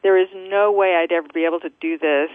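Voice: medium pitch, steady tone, dry recording. Radio host on a dry tinny phone line. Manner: thoughtful, rambling, quick to laugh. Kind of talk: conversational interview.

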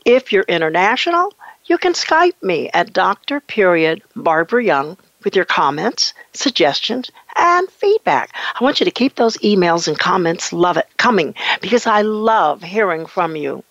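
Gravelly-voiced woman hosting a talk show. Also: lowish voice, very animated, normal speed, fairly bright tone, dry recording. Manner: enthusiastic, effusive praise. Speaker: podcast host. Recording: dull lo-fi dry sound.

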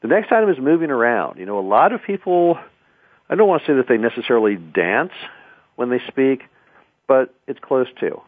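On his radio talk show, a man offers conversational public-speaking tips, often starting words over. He sounds very animated, fairly quick and medium-pitched, with no echo, through tinny phone-like radio audio.

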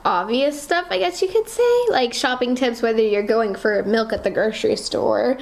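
A woman's voice: on the high side, animated, moderate pace, vocal fry. A young woman co-hosting a casual chat show, teasing, offhand and contrary. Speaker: co-host.

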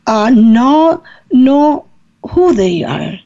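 Woman talking about god's love slow and earnest, grammar a bit off, dull muffled audio. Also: sits high, very animated, mellow. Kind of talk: faith talk on a podcast. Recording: muffled lo-fi recording.

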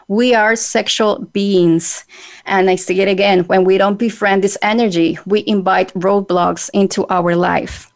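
A woman with a Spanish accent hosting a podcast, talking in an earnest, measured way with hesitant fillers. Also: medium pitch. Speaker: podcast host. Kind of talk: reflective podcast talk.

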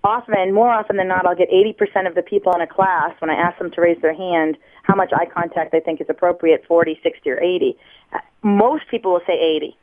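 A woman from the United States teaches listeners in a lively, explaining voice, sitting a little low in pitch. She is heard down a thin, tinny telephone line as a radio guest, often acting out little examples. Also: fast. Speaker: body language expert guest. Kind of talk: radio interview over the phone.

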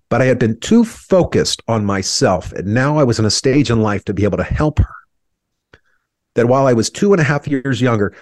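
A man's voice: lowish voice, a little mellow, no echo, clean studio sound. A man in his thirties, an interview guest, telling a painful personal story in an earnest, reflective way, his voice sometimes breaking with emotion.

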